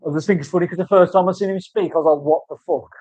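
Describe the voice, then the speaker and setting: A man's voice: sits high, steady tone, racing, a little mellow, no echo. A man chatting casually at work as a tattoo artist, swearing freely and telling rambling stories. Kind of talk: casual chat while working. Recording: dull lo-fi recording.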